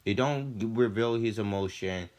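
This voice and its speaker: Low-voiced young man rambling chattily. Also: unhurried. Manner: loose and chatty, full of "like" and "you know"; often animated, with jumps in pitch and volume when retelling. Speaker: student vlogger. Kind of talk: rambling casual storytelling.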